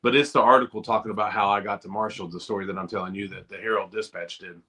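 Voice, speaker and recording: Bright-voiced man telling stories. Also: fairly low pitch, fast. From Eastern Kentucky. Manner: animated storyteller, acts out quoted voices. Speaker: guest, former college football player. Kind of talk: storytelling in a podcast interview.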